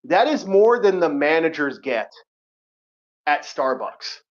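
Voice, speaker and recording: Rambling, animated podcast host man. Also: on the high side, slow pace. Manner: rambling, profane, laughs often. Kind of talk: casual chat. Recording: lo-fi muffled audio.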